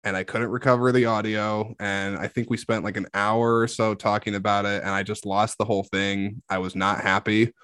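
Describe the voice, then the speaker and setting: A podcast host with a lowish voice, talking in a loose, rambling way and poking fun at himself. His voice is close and dry on a studio mic, with no room sound. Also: level tone, normal speed, few pauses, fairly bright tone, smooth, no room sound. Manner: joking, self-deprecating, rambling. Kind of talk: casual chat. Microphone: studio microphone.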